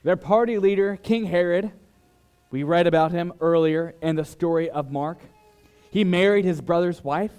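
A man preaching a sermon in a slightly raised pitch. He moves from loud, pressing lines to low, quiet asides. He sounds like a pastor speaking to his congregation. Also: normal speed, smooth. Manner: dramatic shifts in loudness, mimics flatterers in higher voice.

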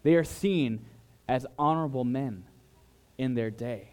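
A man preaching a sermon, who swings between loud, emphatic lines and quiet, dropped asides. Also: measured pace. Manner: dramatic shifts in loudness, mimics flatterers in higher voice. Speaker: pastor.

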